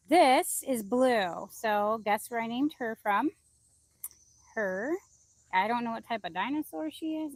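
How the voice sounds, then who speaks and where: Casual woman vlogger, outdoors on a phone mic, loose and chatty, dry sound. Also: no echo. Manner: chatty, rambling, calls out high to her chickens. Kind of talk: casual live-stream chat. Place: outdoor backyard garden. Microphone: phone held in hand.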